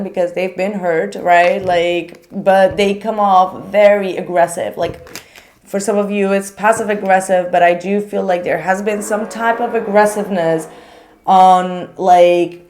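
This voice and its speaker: A young woman giving a casual tarot reading to viewers, chatty and animated, with frequent filler words. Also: on the low side, moderate pace. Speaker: tarot reader.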